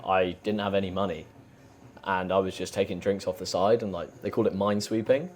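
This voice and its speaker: A man's voice: low voice, a little fast, slight background noise. A young man from England, a podcast guest, telling stories in casual chat and swearing freely. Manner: swears a lot, animated storytelling.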